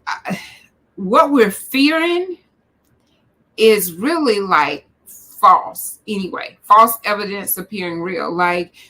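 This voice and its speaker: A woman hosting a casual conversation, expressive and quick to laugh. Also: medium pitch. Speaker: podcast host. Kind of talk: casual chat.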